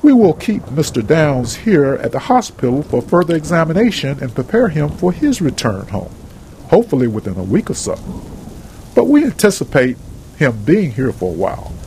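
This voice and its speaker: A man voicing a calm male hospital doctor who speaks in a measured, formal way. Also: fairly high pitch, gravelly, slight background noise, poor audio. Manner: measured, formal bedside manner.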